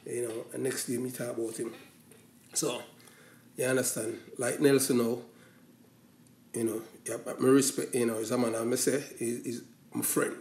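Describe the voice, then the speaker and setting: A Jamaican man rambles through a casual opinion talk, drifting between patois and standard English. His voice is mellow and dark, at a middling pitch. The room around him rings with echo. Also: flat delivery, moderate pace, a little hiss or hum. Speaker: commentator.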